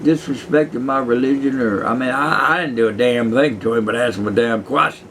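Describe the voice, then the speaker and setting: A man's voice: medium pitch, brisk, fairly bright tone, slight background noise, rough recording. A man in his sixties, a retired prison guard, telling rambling, profane stories in casual chat. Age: 60s. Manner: profane, meandering, chuckling. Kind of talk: rambling casual storytelling to camera.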